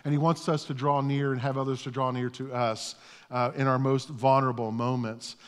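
A man's voice: mid-range voice, level tone, moderate pace, clear, resonant tone. A middle-aged male pastor giving a conversational, self-deprecating sermon, often repeating his words as he starts a thought. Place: church sanctuary. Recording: long reverb of a church hall.

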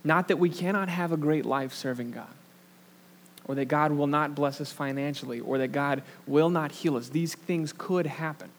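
A man's voice: fairly high pitch, normal speed. Casual young man preaching. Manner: casual, self-deprecating storyteller with many fillers. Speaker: pastor. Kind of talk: sermon with a personal anecdote.

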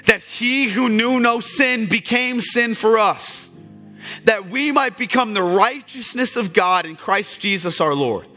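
A man preaching a sermon as pastor, impassioned and swinging from loud, fervent passages to hushed, tender ones. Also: high-pitched, lively intonation, measured pace, faint music behind.

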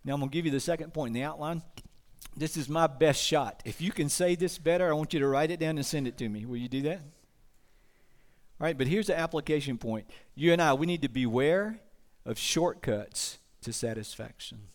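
Earnest male pastor, fairly high voice. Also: brisk. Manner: earnest, asks the congregation questions. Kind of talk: sermon.

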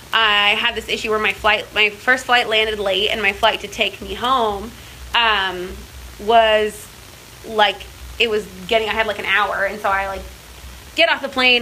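A woman's voice: medium pitch, pushed and bright, a little hiss or hum, low-quality recording. A young woman telling personal stories in a casual faith talk, chatty and full of filler words and restarts. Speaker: speaker in a church series.

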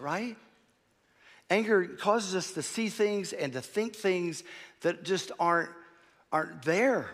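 A man preaching a sermon as pastor, animated, swinging from quiet asides to loud emphasis. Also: a little high, long reverb tail.

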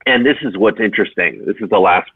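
A man who is a pastor, teaching in a conversational, energetic way on a podcast. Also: on the low side, fast talker, slightly rough, no echo. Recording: tinny phone-like dry sound.

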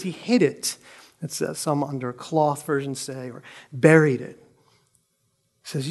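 A male preacher with a fairly high, very animated voice that swings up and down as he speaks. He reads scripture dramatically and presses his points with rhetorical questions. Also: moderate pace. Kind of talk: sermon.

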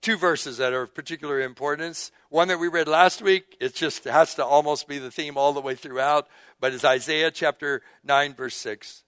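Preacher, slightly high voice, dry. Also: male voice, fairly even intonation, normal speed, clean tone, no echo. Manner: reads scripture aloud, swings from soft and hushed to emphatic; call-and-response with the congregation. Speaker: pastor. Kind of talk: sermon.

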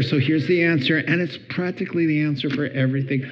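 A middle-aged man giving a humorous talk on marriage, lively and acting out little scenes in different voices. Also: fast, background noise. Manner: animated, acts out voices with big pitch jumps. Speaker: speaker on marriage. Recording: dull lo-fi recording.

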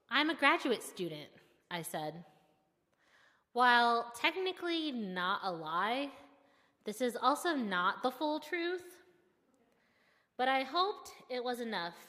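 A young woman seminary student telling a personal story in a candid, self-deprecating and expressive way. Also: medium pitch, big-room sound.

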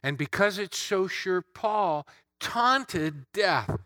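A man's voice: high-pitched, lively intonation, takes it slowly, sharp tone, no room sound, studio quality. A man preaching an Easter sermon, emphatic, building through repeated phrases.

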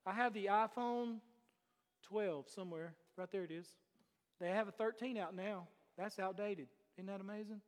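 A man preaching a sermon as pastor. He swings between loud declarations and hushed asides and asks many rhetorical questions. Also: high-pitched, normal speed, big-room sound. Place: church sanctuary.

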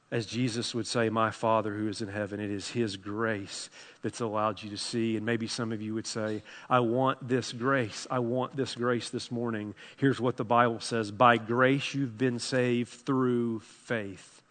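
A man preaching a sermon as pastor, impassioned and pleading, swinging between hushed and loud passages. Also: mid-range voice. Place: church sanctuary. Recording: long hall reverb.

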